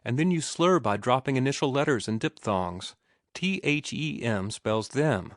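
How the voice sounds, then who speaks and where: A man's voice: medium pitch, animated, fairly quick, no room sound, clean studio sound, close to an everyday voice. A man voicing a refined young woman who patiently and precisely corrects someone's speech. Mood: correcting.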